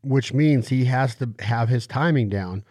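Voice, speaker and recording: A male podcast host who explains things at length, talking in quick, animated bursts. His voice sits at an ordinary pitch. It is recorded close, with a dry sound. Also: breathy edge, no echo. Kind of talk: casual podcast interview.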